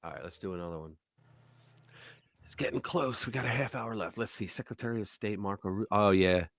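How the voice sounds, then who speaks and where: A man's voice: fairly low pitch, a little fast, dry recording, studio quality. A man hosting a live stream, chatting casually, joking and reading news aloud. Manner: animated, joking, reads articles aloud. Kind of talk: casual commentary chat.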